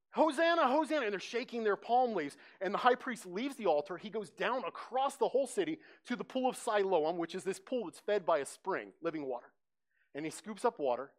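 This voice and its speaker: A man preaching a sermon, telling the scene with lively storytelling and acting out the crowd's voices. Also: sits high. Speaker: pastor. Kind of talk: sermon teaching.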